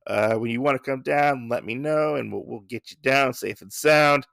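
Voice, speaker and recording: A man voicing a kind, gentle male rabbit samurai who talks in a soothing, reassuring way. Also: medium pitch, moderate pace, vocal fry, no room sound, clean studio sound.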